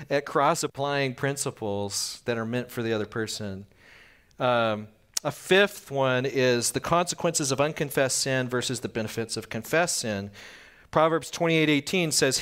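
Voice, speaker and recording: A man's voice: medium pitch, fairly bright tone, clean tone. Conversational man preaching a sermon. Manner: acts out little scenes with quick voice changes; conversational, asks the listeners questions. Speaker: pastor.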